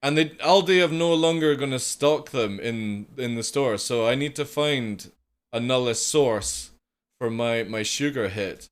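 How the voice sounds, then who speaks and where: A man's voice: medium pitch, unhurried, smooth. Chatty young man streaming. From United Kingdom. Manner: rambling, chatty, swears casually, reads chat aloud. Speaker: live streamer. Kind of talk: casual chat with viewers.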